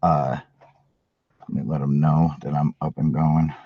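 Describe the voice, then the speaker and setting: A man's voice: rumbling low, level tone, a little slow, husky, dry recording, muffled recording. A man hosting a casual livestream, joking crudely and swearing a lot. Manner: crude, profane, jokey. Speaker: channel host. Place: at work.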